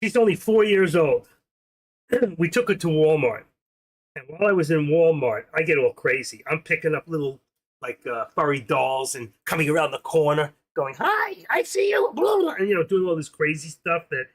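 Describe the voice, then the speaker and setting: Older male host, husky, chatty and rambling, casual livestream talk. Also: on the high side, normal speed.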